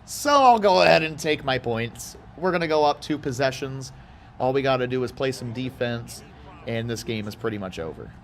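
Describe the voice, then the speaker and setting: A man talks his way through a football video game in a loose, chatty commentary style, drifting into side stories between plays. He jumps up into excited shouts on big moments, then settles back down to a relaxed murmur. A faint hiss sits under the recording. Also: mid-range voice, moderate pace. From Houston, Texas. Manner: chatty, excitable, rambling asides. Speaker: gaming YouTuber.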